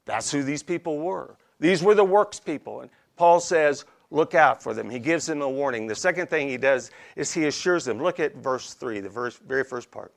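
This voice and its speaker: A man's voice: a little high, lively intonation, moderate pace, gravelly, few pauses. A man preaching an expository sermon in a folksy, conversational way, often checking in with his listeners. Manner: folksy, conversational, frequent "okay?" check-ins.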